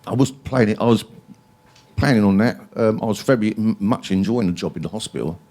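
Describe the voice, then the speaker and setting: Deep voiced guy in his 60s, guest on stage, rambly swearing stories, lots of ums. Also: fairly quick, a little mellow. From England. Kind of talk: storytelling in a live interview. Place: library event hall.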